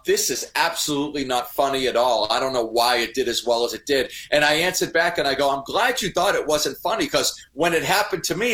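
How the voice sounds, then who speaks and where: A man's voice: a little high, a bit bright. A man hosting a casual conversation, agreeable and encouraging, with frequent affirmations. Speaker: host.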